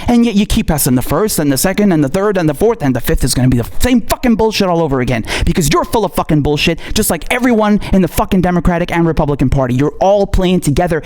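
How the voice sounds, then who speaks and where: This man is a political commentator on an angry rant, swearing nonstop and mocking his targets with sarcastic mock quotes. His voice is a little high and darkish in tone, with lively intonation, and he talks fast.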